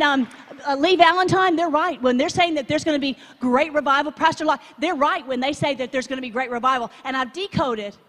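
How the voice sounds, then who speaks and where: A woman from Texas, preaching to a live audience in a chatty, animated way and asking the crowd to join in. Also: sits high, brisk. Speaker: conference speaker. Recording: long hall reverb.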